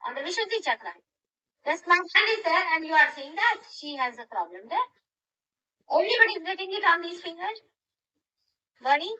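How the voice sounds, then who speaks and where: A woman's voice: very high-pitched, lively intonation, brisk, long pauses, bright, forceful tone, dull audio. An older woman, a grandmother, giving a spiritual talk to her followers and guiding them with short, direct instructions. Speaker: spiritual teacher.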